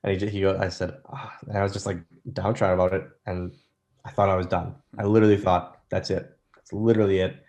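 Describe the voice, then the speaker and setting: A man's voice: low-pitched, level tone, quick pace, darkish tone, lo-fi sound. A man in his thirties telling rambling, self-deprecating stories as an interview guest, with lots of restarts. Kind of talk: casual storytelling interview.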